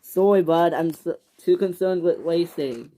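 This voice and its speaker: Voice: medium pitch, unhurried, dark tone, lightly acted. A narrator voicing a cocky male toy engine who only cares about winning races. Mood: boastful. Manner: boastful, brash. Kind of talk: toy train storytelling.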